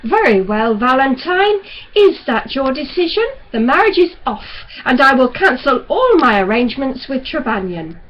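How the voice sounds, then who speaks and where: A woman's voice: sits high, very animated, normal speed, highs cut off. A woman reading as a stern domineering father. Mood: cold.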